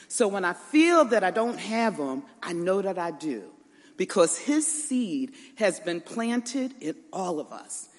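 A woman, the niece of the deceased, gives a funeral tribute in a church, telling family stories with laughter and warmth. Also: medium pitch, slow. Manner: lively storytelling, laughing through a family story. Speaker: niece giving a eulogy. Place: large church sanctuary. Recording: long hall reverb.

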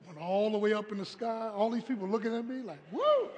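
A man with a strikingly high voice preaches a lively storytelling sermon, mixing humor with calls to his congregation. His voice rings with the long reverb of a church sanctuary, over faint background noise. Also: quick pace. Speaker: pastor. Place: church sanctuary, live service.

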